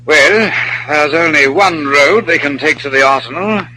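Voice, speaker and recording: A man playing a suave, scheming male enemy spy with smooth, oily politeness, in 1940s radio acting style. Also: on the high side, unhurried, bright, forceful tone, a little hiss or hum, rough recording.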